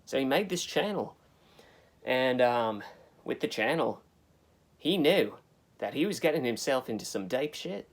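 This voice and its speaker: A man's voice: mid-range voice, animated, unhurried, long pauses. Rambling man in a mock interview. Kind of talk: comedy mockumentary interview.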